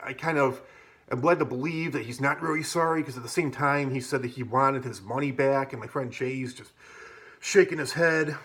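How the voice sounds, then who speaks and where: At a moderate pace, a male vlogger with a medium, fairly bright voice rambles through a casual personal story. It's profane and crowded with fillers such as "like" and "you know".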